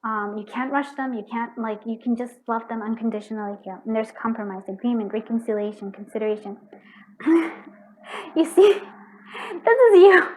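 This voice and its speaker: A woman's voice: fairly high pitch, steady tone, a little fast, darkish tone, slight background noise, rough recording. A woman giving a pick-a-card tarot reading, effusive and emotional, with frequent restarts. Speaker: tarot reader.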